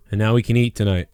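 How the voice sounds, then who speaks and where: Man with a low, smooth, dry voice, rambling. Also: dark tone, no room sound. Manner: rambling, laughs often, repeats himself. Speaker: host of a live call-in show. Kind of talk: casual live-stream chat.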